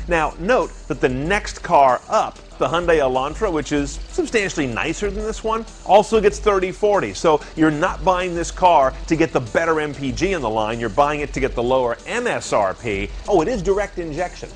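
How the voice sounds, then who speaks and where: A man presenting a product review in a brisk, wry and opinionated way, with faint music behind him. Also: fairly high pitch, expressive. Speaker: car reviewer. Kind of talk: scripted product review narration.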